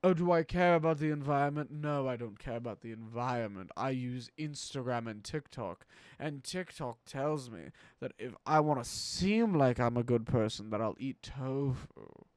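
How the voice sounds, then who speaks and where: A man's voice: medium pitch, animated, moderate pace, a little mellow, clear, resonant tone, no echo, pitched below the performer's own voice, lightly acted. A man putting on the voice of a smug, self-satisfied American who eats tofu, with sneering, exaggerated mockery. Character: mocking smug American tofu eater, male adult.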